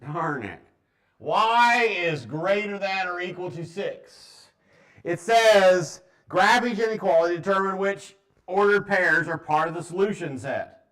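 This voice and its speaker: Joking math teacher, man, slightly high voice. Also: expressive, a little slow, fairly bright tone. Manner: joking, offhand. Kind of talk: classroom teaching. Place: classroom with students.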